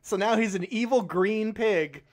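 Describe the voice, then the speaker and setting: High-voiced man laughing through a movie chat. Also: measured pace. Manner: laughs often, acts out movie lines in silly voices. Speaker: podcast co-host. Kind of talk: casual movie review chat.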